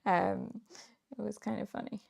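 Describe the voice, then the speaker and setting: A woman's voice: medium pitch, fairly even intonation, normal speed, vocal fry, a little mellow. A woman from Kansas hosting a scrapbooking livestream, chatting casually and laughing often as she works. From Kansas, United States. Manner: chatty, laughs often, muses aloud while working. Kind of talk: casual live chat while crafting.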